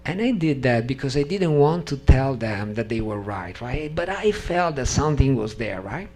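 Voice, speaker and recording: There's slight background noise as this man, not a native English speaker, gives a personal testimony at normal speed in a mid-range voice. He brings the story alive by performing the voices of its characters.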